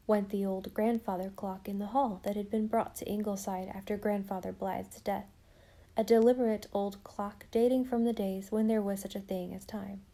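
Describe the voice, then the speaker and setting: A woman reads a classic children's novel aloud as an audiobook narrator. Her voice is warm and mellow at a middle pitch. She is expressive and often softens to a hush.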